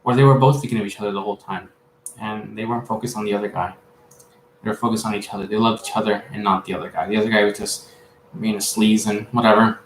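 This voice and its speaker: A man's voice: lowish voice, steady tone, a little hiss or hum. Rambling man giving a psychic reading. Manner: rambling, halting, many fillers. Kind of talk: casual spiritual reading. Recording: echoey room.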